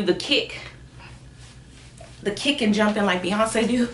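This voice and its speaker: A young woman talks through a clothing try-on, chatty and animated, breaking into high squeals when excited. Her voice sits at a middle pitch. The room is echoey, with faint noise in the background. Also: a little slow, long pauses. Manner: chatty, addresses viewers as girl and y'all. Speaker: beauty vlogger reviewing shapewear. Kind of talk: casual try-on haul.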